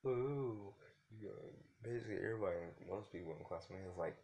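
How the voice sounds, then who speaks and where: Deep-voiced young man rambling casually. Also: very fast, darkish tone, slight background noise. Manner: rambling, loose slangy talk full of fillers. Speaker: YouTuber. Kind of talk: improvised fan-fiction storytelling.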